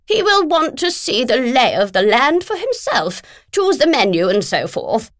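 A woman's voice: high voice, sing-song, a little slow, dry recording, studio quality, pitched above the performer's own voice. A woman voicing a pushy, overbearing female literary agent who bellows and talks down to people. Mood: brisk, imperious.

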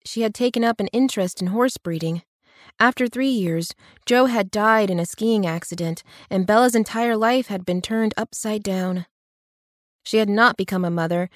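Female audiobook narrator, mid-pitched, dry close-miked read. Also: no room sound. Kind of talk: scripted narration.

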